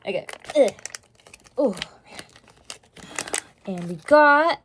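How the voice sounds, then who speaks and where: A young woman chatting casually in an unboxing vlog, gasping and gushing excitedly. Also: sits high, very slow, pauses often, slight background noise. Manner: gushing, gasping, excited over cute toys. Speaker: vlogger.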